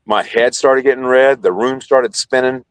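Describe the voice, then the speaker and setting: A man's voice: mid-range voice, steady tone, normal speed, clear, resonant tone, no echo. A middle-aged man telling a long personal story on a video call, rambling and correcting himself, with laughs along the way. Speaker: podcast guest, former carrier sailor. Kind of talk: casual storytelling interview.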